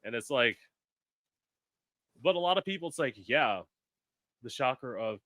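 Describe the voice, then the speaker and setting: A man's voice: medium pitch, animated, a little slow, fairly bright tone, dry recording, clean studio sound. A man hosting a casual podcast chat, blunt and profane, acting out quotes as he talks. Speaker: podcast host.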